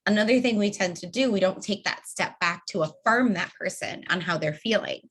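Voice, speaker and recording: A woman's voice: mid-range voice, expressive, a little fast, slightly rough. A woman leading an online training session over a video call, talking casually and acting out example dialogues. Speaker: organizing trainer.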